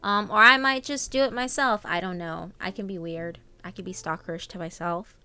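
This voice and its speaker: A woman's voice: on the low side, moderate pace, sharp tone, smooth. A young woman streamer chatting casually with viewers, reading out their names between lots of ums and laughs. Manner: chatty, reads out viewer names, filler-heavy. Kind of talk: casual live-stream chat.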